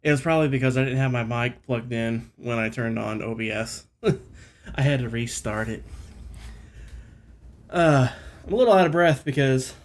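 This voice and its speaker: A man's voice: medium pitch, normal speed, long pauses. A man chatting casually with his live-stream viewers from his computer at home, rambling and self-deprecating.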